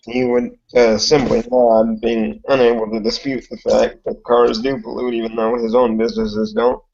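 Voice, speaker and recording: A man speaks in a tabletop role-play, hesitant and polite. His voice has a gravelly edge, and the recording sounds muffled and lo-fi. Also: mid-range voice, normal speed, a little mellow, slight background noise. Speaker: player.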